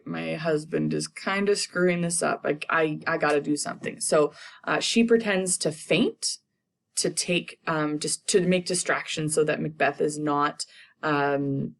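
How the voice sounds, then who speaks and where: A woman's voice: sits low, creaky. A young woman teacher casually summarizing a play for students, paraphrasing the characters in modern slang.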